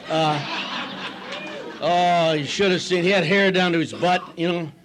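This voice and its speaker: Older man, AA speaker, slightly high voice, dry self-mocking storyteller who mimics the people he quotes. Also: fairly even intonation, a little slow, background noise. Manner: wry, self-mocking humor. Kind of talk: recovery talk storytelling.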